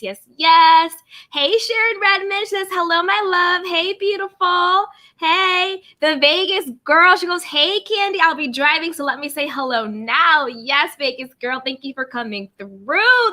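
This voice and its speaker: Bubbly, bright-voiced woman hosting a livestream. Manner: bubbly, greets viewers by name, reads chat aloud; expressive, pitch jumps up high on greetings. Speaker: livestream host. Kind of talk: casual livestream chat.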